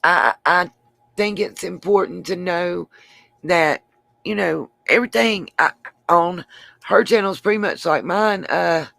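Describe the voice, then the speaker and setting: A fairly low, fairly bright voice with vocal fry comes through a little slow, with no room sound. The woman hosts her own channel's livestream, rambling casually, restarting often, and answering viewers by name.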